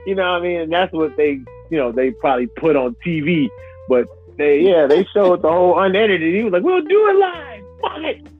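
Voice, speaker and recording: Animated, joking male podcast co-host with a high voice; recording sounds tinny, like a phone line. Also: a little fast, faint music behind. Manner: animated, joking, laughs often. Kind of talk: casual chat.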